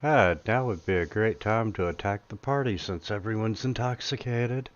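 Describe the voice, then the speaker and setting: A man serving as game master narrates a tabletop game in a halting way, filling his speech with fillers. His pitch is fairly low and the recording sounds muffled.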